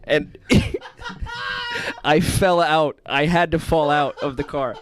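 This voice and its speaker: A man co-hosting a podcast, telling a story in a casual, animated way. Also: on the high side, slow. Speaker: podcast co-host.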